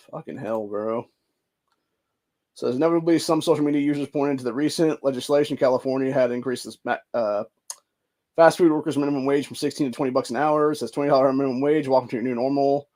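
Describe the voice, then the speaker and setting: A man from Ohio with a medium-pitched, somewhat dark voice hosts a podcast, reading news and comments aloud. He rants heatedly, swears constantly, and keeps saying "dude."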